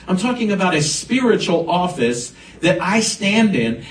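A man's voice: sits high, sing-song, a little slow, hardly any pauses. Echoey preaching pastor, a man. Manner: emphatic preaching, rising and swelling on key words. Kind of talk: sermon. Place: church sanctuary. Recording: echoey church room, mic at a distance.

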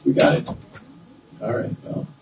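A man's voice: unhurried, background noise. Man, middle-aged, pastor, fervent sermon, roomy sound from a distance. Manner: fervent preaching, swinging from low asides to loud high exclamations.

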